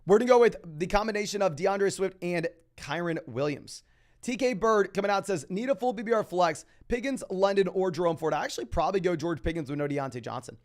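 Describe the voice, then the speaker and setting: This high-pitched young host runs a fantasy football live stream, taking questions from viewers, reading them aloud, and answering with fast, lively sports chatter.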